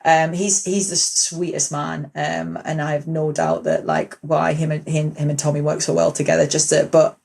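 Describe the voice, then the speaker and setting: A woman's voice: low-pitched, normal speed, creaky, few pauses, a little mellow. Blunt woman guest, laughing often. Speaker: podcast guest. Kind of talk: casual chat.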